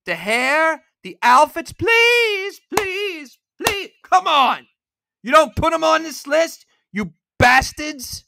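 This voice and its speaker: A man hosting a podcast alone, delivering an angry, profane rant that bursts into shouting. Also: extremely high pitch, animated, takes it slowly, creaky, dry recording. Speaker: podcast host. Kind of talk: solo ranting podcast.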